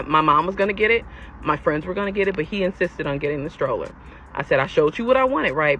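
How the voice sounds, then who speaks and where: A young woman telling a personal storytime to her viewers in a casual, animated and exasperated way. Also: deep voice. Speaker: storyteller vlogger. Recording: lo-fi with faint background noise.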